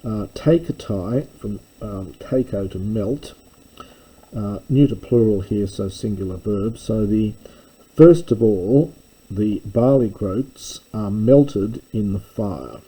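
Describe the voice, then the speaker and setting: A man reading through a classical text line by line and explaining it, measured and thinking aloud, stopping often to correct himself. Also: lowish voice, dark tone, slightly rough, poor audio. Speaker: classics lecturer.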